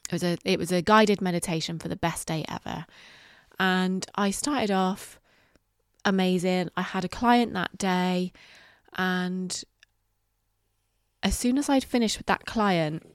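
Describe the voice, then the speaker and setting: A middle-aged woman hosting a solo podcast, talking candidly and reflectively, halting with fillers and the odd swear word. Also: fairly low pitch, clean tone, no room sound, studio quality. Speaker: podcast host. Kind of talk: casual solo podcast monologue.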